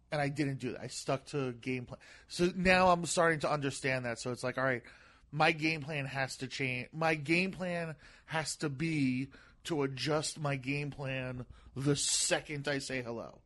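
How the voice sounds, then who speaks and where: A man guesting on a podcast as a comedian, talking casually with a gentle voice that sounds softer than his looks, often repeating words and restarting sentences. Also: medium pitch, a little slow.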